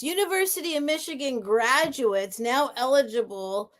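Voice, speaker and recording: A woman's voice: fairly high pitch, expressive, a little slow. A middle-aged woman hosting a casual live sale stream, talking in a chatty, rambling way with emotional asides.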